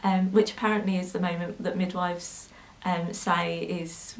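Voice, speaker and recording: A woman's voice: on the low side, little pitch movement, moderate pace, gravelly, few pauses, poor audio. A young woman telling a personal story to camera in a sewing vlog, hesitant and full of ums, at times emotional. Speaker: sewing vlogger.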